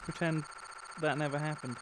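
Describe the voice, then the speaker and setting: A man's voice: a little high, fairly even intonation, normal speed, background noise. A man giving chatty, self-mocking commentary while livestreaming a video game. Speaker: livestream gamer. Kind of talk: casual gameplay commentary.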